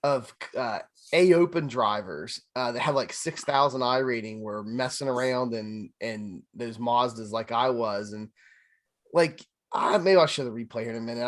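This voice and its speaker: Animated man telling stories. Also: mid-range voice. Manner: animated storyteller who laughs often. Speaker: podcast host. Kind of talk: casual podcast chat.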